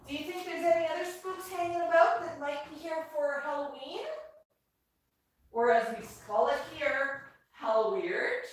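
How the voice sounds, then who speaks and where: A woman hosting a pet vlog, cooing and chatting in sing-song baby talk to her parrot. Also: sits high. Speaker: parrot owner and channel host. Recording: roomy, distant mic, faint music.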